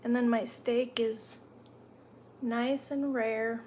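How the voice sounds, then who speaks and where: Woman on a live stream at home, kinda high voice, talks slow, chews while chatting w/ viewers. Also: fairly even intonation, darkish tone, slight background noise. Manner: chatty, answers viewer comments while eating. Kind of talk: casual live-stream chat.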